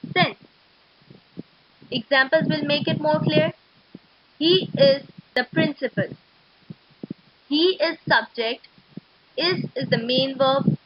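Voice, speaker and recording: Woman teacher going through grammar slow and steady, high voice, kinda muffled lo-fi audio. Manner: slow, explanatory, steady and methodical. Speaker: school English teacher. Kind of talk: recorded classroom lecture. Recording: dull lo-fi recording.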